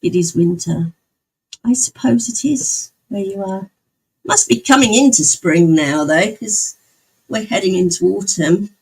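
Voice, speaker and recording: A woman's voice: mid-range voice, measured pace, darkish tone, husky, low-quality recording. A young woman streamer in casual chat, talking with her viewers and answering their comments as she goes. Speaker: livestreamer.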